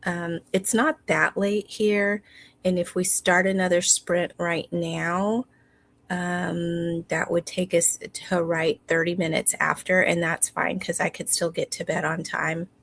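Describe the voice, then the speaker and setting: A woman hosting a livestream from home, talking casually and replying to viewers in an unhurried way. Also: fairly low pitch, little pitch movement, vocal fry, a bit bright. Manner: unhurried, reads viewer comments aloud and replies. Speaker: livestream host.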